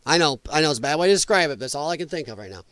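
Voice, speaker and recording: A man's voice: a little high, lively intonation, racing, fairly bright tone, clear, resonant tone. A man hosting a casual commentary show, with heavy audible breathing and mocking, laughing asides. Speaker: host.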